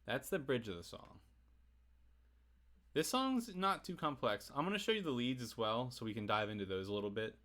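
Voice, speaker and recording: Relaxed man teaching guitar. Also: medium pitch, normal speed. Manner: relaxed, chatty, answers chat and laughs often. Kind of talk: casual livestream guitar lesson. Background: faint acoustic guitar playing.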